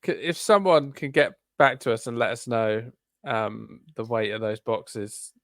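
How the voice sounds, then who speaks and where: A man hosts a casual podcast chat at an everyday middle pitch. He talks in halting, hesitant bursts, padded with ums and restarts, in a dry, close sound. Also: no echo. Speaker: podcast co-host.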